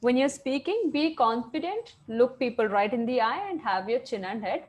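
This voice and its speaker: Brief: a high-pitched woman, an animated teacher who quizzes the kids and praises them, heard over a video call. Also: moderate pace. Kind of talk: online class for children.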